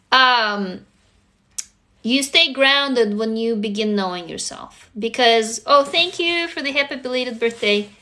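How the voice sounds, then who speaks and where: A woman's voice: fairly high pitch, pushed and bright. A woman hosting a casual livestream, talking to viewers bluntly and swearing freely. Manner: blunt and profane, emphatic. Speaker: livestream host answering viewers.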